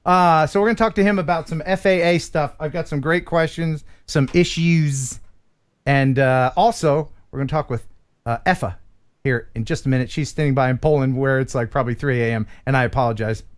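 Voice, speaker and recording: A man's voice: on the high side, fairly quick, clean tone. A man from the USA hosting a casual live stream chat, joking, laughing often and slipping into playful impressions.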